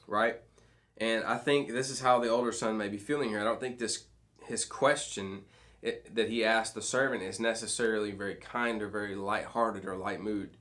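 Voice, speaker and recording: A youth pastor with a medium-pitched, slightly bright voice leads a midweek devotional for students, reading scripture and explaining it conversationally. He restarts often, uses many fillers, and keeps checking in with "okay?" and "right?".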